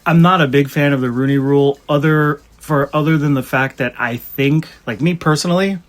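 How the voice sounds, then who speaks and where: Male co-host, a touch high-pitched, profane and rambling. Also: fairly quick. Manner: rambling, swears, fired-up rants. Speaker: podcast co-host. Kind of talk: casual chat.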